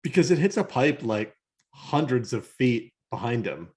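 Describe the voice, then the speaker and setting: A man's voice: medium pitch, big pitch swings, normal speed, darkish tone, slightly rough. A man with a mid-range voice co-hosts a casual podcast. He keeps it jokey and often laughs partway through his remarks about the episode. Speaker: podcast co-host. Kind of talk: casual chat.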